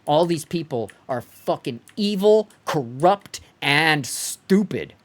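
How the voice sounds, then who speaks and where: A man's voice: fairly high pitch, animated, takes it slowly. A man ranting heatedly and profanely during a game live stream, sometimes mocking others in put-on voices. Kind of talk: live-stream rant while gaming.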